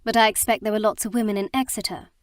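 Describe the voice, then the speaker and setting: A woman's voice: mid-range voice, steady tone, quick pace, dry recording, clean studio sound, natural voice. A woman reading the part of a proper young wife in an audiobook, in a prim, earnest manner.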